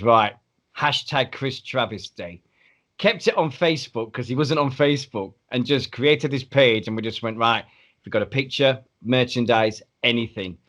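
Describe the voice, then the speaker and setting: Bright-voiced man. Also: mid-range voice. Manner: lively storyteller, acts out others' voices. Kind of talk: casual chat.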